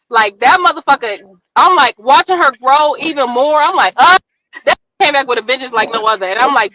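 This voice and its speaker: A woman comedian telling stories on a podcast, animated and profane. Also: high-pitched, no echo, low-quality recording. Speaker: stand-up comedian, podcast guest. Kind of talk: casual podcast chat, storytelling.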